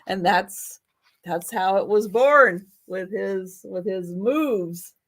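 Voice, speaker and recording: A woman's voice: medium pitch, takes it slowly. A woman hosting a live vintage sale, chatting casually and rambling with restarts. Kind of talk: casual live-stream chat.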